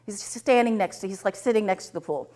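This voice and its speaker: A woman at the front of a workshop room, teaching through stories from her sessions with clients. She talks in a lively, animated way, jumping into little character voices for the people in her stories, and laughs often as she goes. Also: mid-range voice, fairly quick. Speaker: tapping practitioner and teacher. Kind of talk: storytelling to a live class.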